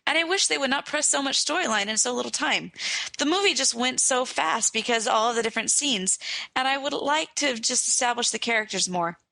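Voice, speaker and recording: A woman's voice: a little high, creaky, no echo. A woman co-hosting a podcast, reading a long listener letter aloud with frequent giggles. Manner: bright, giggly reader. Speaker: podcast co-host.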